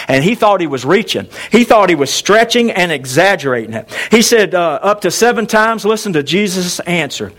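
A man's voice: sits high, expressive, normal speed, hardly any pauses, a bit bright. A man preaching a sermon as a pastor, emphatic and repetitive, with fillers and self-corrections.

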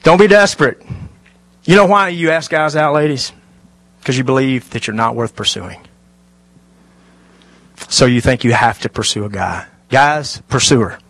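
A middle-aged man preaching a sermon, animated and lively, dropping to hushed, intimate asides. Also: medium pitch, normal speed, pauses often, no echo. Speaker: pastor.

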